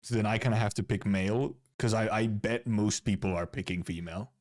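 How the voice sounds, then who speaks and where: This Finnish man, a streamer from Finland, chats casually while reviewing game content, rambling and restarting his words in live-stream commentary. His voice sits on the low side, steady in tone and slightly mellow, and he talks fairly quickly.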